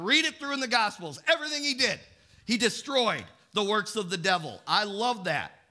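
A man preaching a sermon in a church, emphatic and pressing the congregation for responses. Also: sits high. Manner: emphatic, call-and-response preaching with rising shouts.

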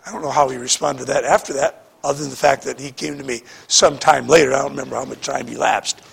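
A pastor preaching a sermon, repeating words and swinging between shouting and hushed speech. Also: male voice, medium pitch, steady tone, fast talker, creaky, breathy edge.

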